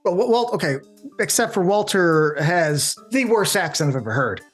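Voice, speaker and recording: A man's voice: sits high, moderate pace, soft background music. A man co-hosting a show, complaining animatedly in casual debate and breaking into put-on voices. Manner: animated, complaining, acts out voices mid-sentence. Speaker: co-host debating a film.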